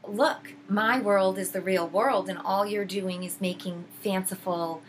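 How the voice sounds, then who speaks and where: A woman voicing a sly female witch who stays nice, calm and coaxing as she questions. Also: medium pitch, measured pace, a little hiss or hum, lightly acted.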